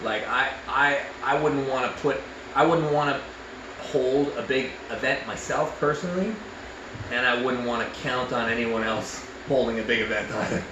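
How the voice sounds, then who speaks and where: A Canadian man chats in a lively, rambling way, circling back over the same words as his enthusiasm builds. He sounds like he is in an echoey room, with noise audible behind him. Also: mid-range voice, moderate pace, lo-fi sound. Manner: animated, rambling, repeats himself. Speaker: arm wrestler and show host. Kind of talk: casual chat.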